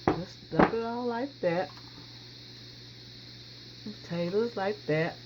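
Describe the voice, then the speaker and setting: A woman's voice: mid-range voice, takes it slowly. Female cooking host, chatty and homey, mid-range voice, muffled home-video audio with background noise. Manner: folksy, chatty, talks straight to viewers with frequent y'all. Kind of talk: casual cooking demonstration. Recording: dull lo-fi sound with steady background noise.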